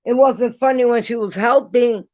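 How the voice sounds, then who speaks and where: A woman ranting bluntly to her viewers in a casual vlog, defiant and dropping quick apologies. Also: a little high, a little mellow, no room sound. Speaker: vlogger. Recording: dull lo-fi dry sound.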